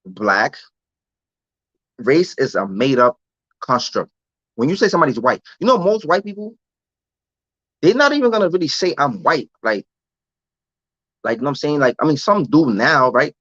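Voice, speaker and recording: A man's voice: mid-range voice, animated, moderate pace, long pauses, a bit bright, no echo. A young American man in a casual live-stream rant, talking loose street slang and repeating himself. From United States. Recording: dull lo-fi dry sound.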